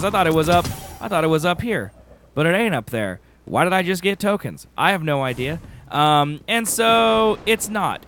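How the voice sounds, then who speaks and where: A man's voice: a little high, pushed and bright, a little hiss or hum. A man giving a casual gameplay walkthrough, with wry, sarcastic asides. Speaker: game guide host.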